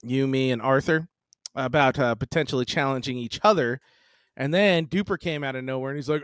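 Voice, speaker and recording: Speaking in a mid-range, clear, resonant voice at a brisk clip, a man around forty co-hosts a podcast with no room sound in the clip. The storytelling is casual and lively, packed with swearing and bursts of laughter.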